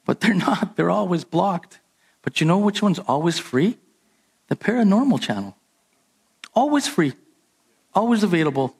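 A man preaching a sermon as pastor, animated and emphatic, jumping up in pitch on his key points. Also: normal speed, pauses often, breathy edge.

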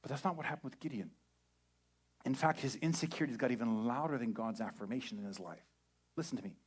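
A young adult man preaching a sermon as a pastor, animated and acting out quoted voices. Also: mid-range voice, fast, slightly rough.

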